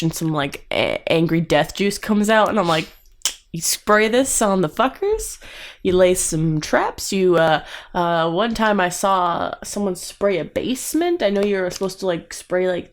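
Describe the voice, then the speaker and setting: A woman's voice: mid-range voice, a little slow. A woman playing a tabletop game, casual, laughing and swearing. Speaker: player. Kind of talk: tabletop role-play.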